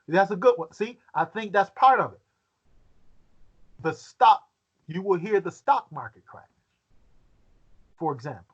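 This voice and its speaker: An animated man with a fairly high, slightly breathy voice reads scripture during a Bible study before questioning his listeners. His pace is measured, with frequent pauses, and he often stops and repeats words mid-thought. The sound is dull and lo-fi.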